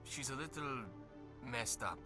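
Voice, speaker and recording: An actor playing a hesitant, apologetic dock lieutenant in a video game. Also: male voice, mid-range voice, a little slow, natural voice. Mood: concerned. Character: concerned male dock lieutenant. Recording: game audio with music behind.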